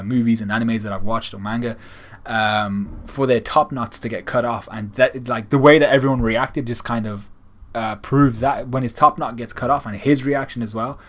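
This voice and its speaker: A man's voice: mid-range voice, fairly bright tone. A young man giving a casual, rambling chapter review of a manga, retelling scenes and slipping into quoted lines.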